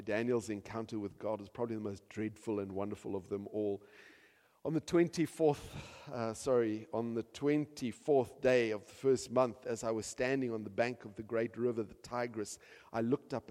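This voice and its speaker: A man preaching a sermon with emphatic delivery, rising to loud peaks and dropping to soft, quiet passages. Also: mid-range voice. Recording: long hall reverb.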